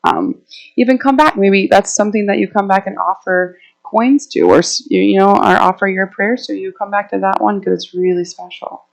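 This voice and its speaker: A woman's voice: medium pitch, lively intonation, moderate pace, gravelly, poor audio. A woman herbalist giving a casual, chatty talk to a live audience, telling stories and laughing often as she walks around the room. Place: indoor meeting room, walking around while speaking.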